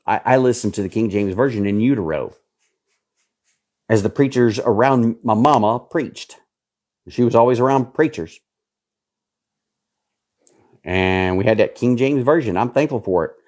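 A man in his fifties preaching a sermon, emphatic and repetitive, his voice jumping suddenly in pitch to stress a point. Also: measured pace, long pauses, a little mellow. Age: 50s.

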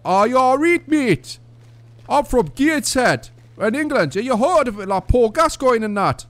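A man's voice: extremely high pitch, expressive, normal speed, fairly bright tone, dry recording, voice pushed up. A man putting on a Geordie accent as a chummy, nosy stranger in online game voice chat. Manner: overly friendly, prying.

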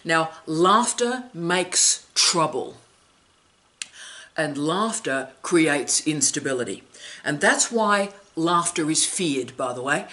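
A woman's voice: sits low, bright, forceful tone. A middle-aged woman academic hosting an advice vlog, telling stories emphatically with wry, dry asides.

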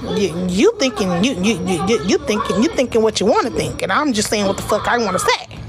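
A woman's voice: medium pitch, lively intonation, a little fast, over music. A woman livestreaming to her viewers in a casual rant, combative and profane, who repeats words as she restarts her sentences.

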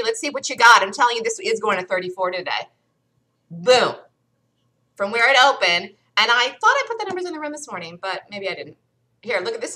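An animated woman calls stock trades live, her pitch jumping all over as she cheers each move. Her voice sits a little high and sounds bright and tense, and it is getting worn from all that loud talk. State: losing her voice. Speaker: day trading show host. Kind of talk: live trading commentary.

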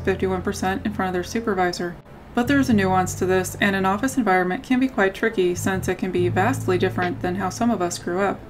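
A woman narrating a scripted video essay in a measured way, often reading out quotes. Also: medium pitch. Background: background music.

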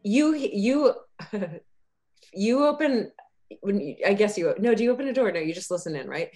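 A woman's voice: mid-range voice, expressive, normal speed, darkish tone. A woman running a tabletop game as game master, narrating in a chatty, hesitant way and laughing often.

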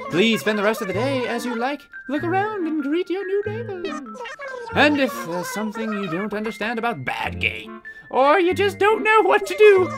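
A man's voice: very high voice, pitched above the performer's own voice. A man voicing a cheerful, polite female dog town secretary, reading game text aloud in a sweet, bubbly put-on voice over game music.

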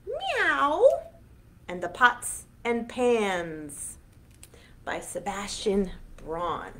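Reading a picture book for young children during an online library storytime, a woman uses a lively, sing-song delivery. Her voice is on the low side, and she draws out her words.

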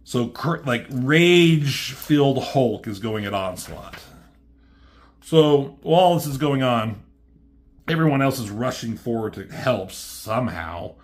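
A man's voice: mid-range voice, expressive, takes it slowly. Profane, offhand man recapping a comic. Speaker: comic book reviewer. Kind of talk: casual comic recap with quoted voices.

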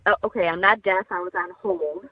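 A woman's voice: fairly low pitch, fairly quick, no room sound. A woman calling in to a radio show, hesitant and stammering, heard over a phone line. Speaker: caller. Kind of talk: call-in talk.

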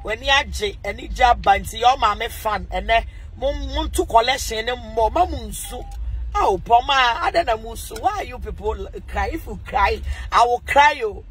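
A woman with a Ghanaian accent hosting a casual livestream, animated and teasing, pleading with viewers and swinging between laughter and mock crying. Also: on the high side, unhurried. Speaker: livestream host asking viewers for money.

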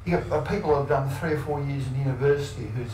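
A man's voice: medium pitch, fast, warm tone. A swaggering Australian man spins crude, rambling yarns and slips into other people's voices as he goes. He sounds set back from the microphone in a roomy, echoing space. A faint hiss sits under the whole recording. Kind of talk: rambling anecdotal storytelling. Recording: roomy distant archive recording with faint noise.

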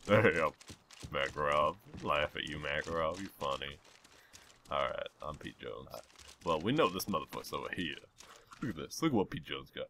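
A man's voice: very deep voice, lively intonation, unhurried, long pauses, bright, forceful tone, slight background noise. A man role-playing a brash, profane character in a game, often talking about himself in the third person. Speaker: let's play gamer.

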